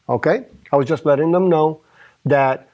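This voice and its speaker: A man's voice: on the high side, unhurried, highs cut off. A man with a Spanish accent co-hosting a podcast, chatting casually and teasing his co-host. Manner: joking, teasing interjections. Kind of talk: casual chat.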